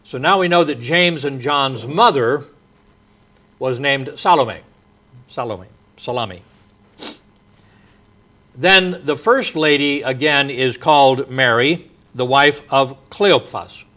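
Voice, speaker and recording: A man preaching a sermon in a slow, halting way, with many pauses and fillers, his voice dropping soft at the ends of phrases. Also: mid-range voice.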